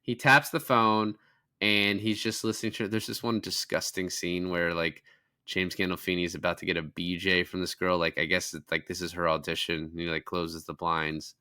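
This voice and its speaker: A man's voice: deep voice, level tone, normal speed, sharp tone. A young man co-hosting a casual film review podcast, retelling scenes with lots of swearing and fillers. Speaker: podcast co-host.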